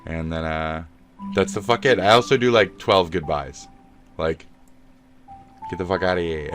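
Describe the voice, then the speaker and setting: A man's voice: sits low, moderate pace, long pauses, a bit bright, soft background music. A man streaming live who rambles, jokes and swears in mock outrage while signing off. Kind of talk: casual live-stream sign-off chat.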